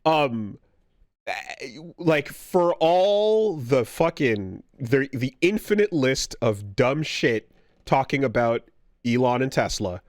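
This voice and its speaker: A man's voice: mid-range voice, sing-song, slow, no echo. A man co-hosting a podcast, chatting casually and giving dry, wry reactions. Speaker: podcast co-host. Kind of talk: casual chat.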